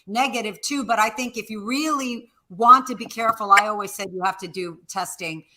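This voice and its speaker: A woman's voice: medium pitch, a little fast, pushed and bright. A woman comedian co-hosting a talk show, blunt and sardonic in casual chat. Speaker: comedian co-host.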